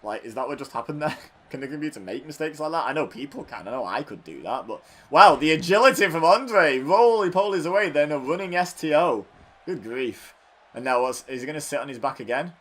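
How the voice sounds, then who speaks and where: A man's voice: on the high side, lively intonation, a little fast, a bit bright. Chatty man calling game matches. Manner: chatty and self-mocking, riffing between play-by-play calls. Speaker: gaming channel host. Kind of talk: video game commentary.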